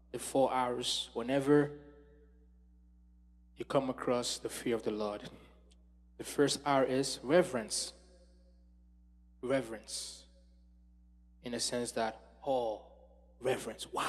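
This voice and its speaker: A man preaching a sermon with passion, swinging from loud exclamations to hushed tones. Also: mid-range voice, breathy edge. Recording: long hall reverb.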